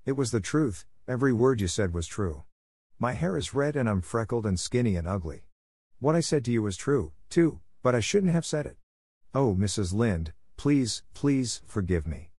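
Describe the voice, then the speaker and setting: A man's voice: lowish voice, expressive, brisk, darkish tone, dry recording, clean studio sound. A man voicing an imaginative, talkative young orphan girl in a storybook reading, speaking in a dramatic, effusive and earnest way. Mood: pleading.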